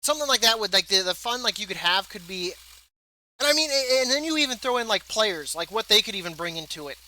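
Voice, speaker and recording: A man streaming live, chatting casually while he plays a game, in a rambling, animated way full of filler words. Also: high voice, fast talker, low-quality recording.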